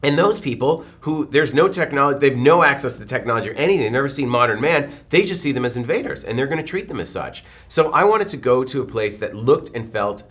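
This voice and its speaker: A man in his forties, a film director, telling stories in a press interview and acting out the quotes. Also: mid-range voice. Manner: animated, quick storytelling with acted-out quotes.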